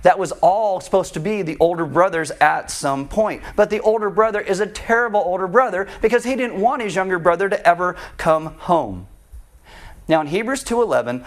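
A man preaching a sermon, retelling a parable in an animated, conversational way. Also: high-pitched. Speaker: pastor.

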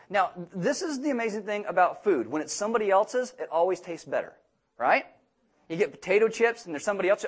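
A young man preaching a sermon, joking and acting out quoted people in animated voices. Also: high voice, fast talker, breathy edge. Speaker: pastor.

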